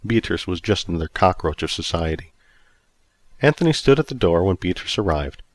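A man's voice: sits low, dry recording. A man narrating a story expressively and acting out each character in turn. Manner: expressive, acts out every character.

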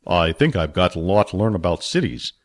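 Casting: man playing a gentle, simple-minded barbarian for an audiobook, deep and unhurried. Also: sing-song. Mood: naive. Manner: slow, lower, simple-minded. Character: big naive barbarian man Billy.

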